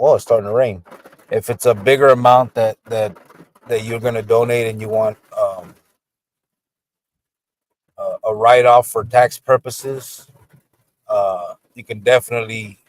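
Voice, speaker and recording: A podcast host with a lowish male voice runs a casual livestream from his car as rain falls, and the recording carries no room sound. He's laid-back, reads viewer comments out loud, and swears without a second thought.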